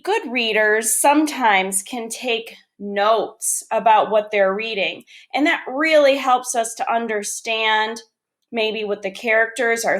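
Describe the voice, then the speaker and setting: A woman teaching young children, reading a picture book aloud and explaining step by step in a gentle, encouraging way. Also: on the high side. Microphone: camera or phone on a desk.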